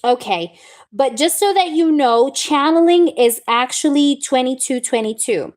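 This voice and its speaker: A young woman reading tarot live, chatting warmly with viewers and calling them babe and baby girl. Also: high-pitched, expressive, measured pace. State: recovering from a wisdom tooth removal. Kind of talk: live-stream chat with viewers.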